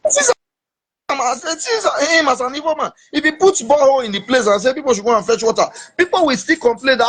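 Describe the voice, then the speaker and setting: A man with a Nigerian accent in casual political chat, emphatic and animated, slipping into Pidgin. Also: extremely high pitch, fast. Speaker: podcast host.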